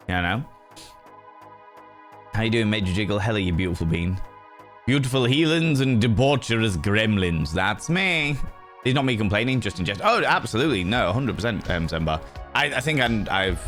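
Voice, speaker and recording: Playful man chatting on stream. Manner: playful and effusive, swearing, animated jumps in pitch. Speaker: livestream host. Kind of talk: casual chat reading viewer messages. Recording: faint music behind.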